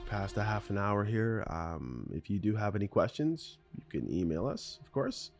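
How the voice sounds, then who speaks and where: A man's voice: on the low side, big pitch swings, moderate pace, gravelly, faint music behind. A man hosting a solo podcast, talking in a rambling, conversational and self-deprecating way in his morning voice. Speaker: podcast host.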